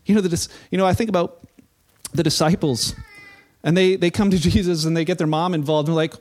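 A man's voice: high voice, a little fast, pauses often, darkish tone. A middle-aged man, a pastor, preaching a sermon in a church in a conversational, playful way, acting out the voices he quotes.

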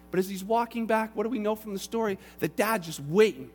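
A man preaching a sermon, telling the story with animated energy and acting out the characters. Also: high voice, fairly quick, hardly any pauses, faint music behind.

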